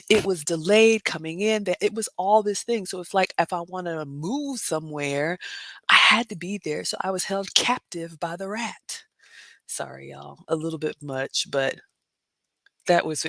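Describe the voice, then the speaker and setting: A woman hosting a casual livestream, reading viewer comments and telling a story with loud exclamations and hushed asides. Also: low voice, dry recording. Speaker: livestream host.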